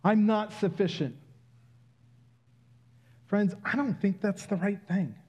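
A man preaching a sermon in a personal, confiding way that builds to loud exclamations. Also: high voice, slow, husky, highs cut off.

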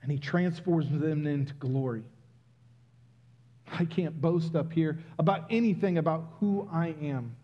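Slow-preaching man with a higher voice. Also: muffled recording. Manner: personal, builds to loud exclamations. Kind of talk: sermon.

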